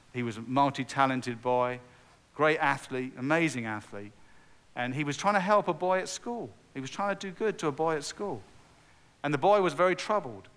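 A man's voice: mid-range voice, a bit bright, clear, resonant tone. A middle-aged man preaching a sermon, telling a personal story in an earnest way and repeating words as he builds to emphatic peaks. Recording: long hall reverb.

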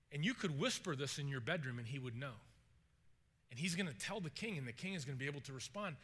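A man preaching a sermon to a congregation, retelling a story with lively acted-out voices and frequent questions to the listeners. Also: on the high side, breathy edge. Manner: animated storytelling, acts out characters' panic, asks the congregation questions. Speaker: pastor.

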